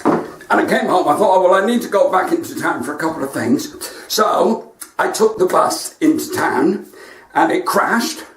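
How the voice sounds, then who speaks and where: Cheeky West Country comedian. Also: male voice, high-pitched, animated, normal speed, fairly bright tone, far from the mic. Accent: West Country English. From West Country, England. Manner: cheeky joke-telling with asides to viewers. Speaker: stand-up comedian. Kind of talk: stand-up comedy livestream. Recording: echoey room, voice from off mic.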